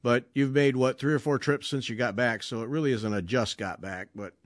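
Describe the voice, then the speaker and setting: A man's voice: mid-range voice, fairly quick, dry recording, clean studio sound. A man hosting a podcast interview, chatty and jokey as he introduces his guest. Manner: chatty, jokey, with fillers and restarts. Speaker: podcast host.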